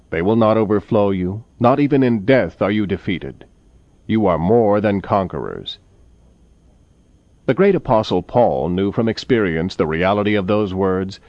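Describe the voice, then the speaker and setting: A man preaching in a measured, solemn way, his low voice rising and falling with wide, lively pitch. The recording is dull and lo-fi. It sounds dry, with no room echo. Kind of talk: sermon.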